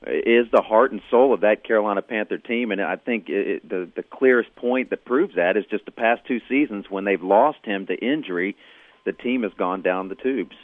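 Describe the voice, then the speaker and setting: A man's voice: fairly low pitch, normal speed, no echo. A man calling in as a sports radio guest, talking casually and knowledgeably about football, often restarting his phrases. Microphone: phone call. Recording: tinny phone line, dry.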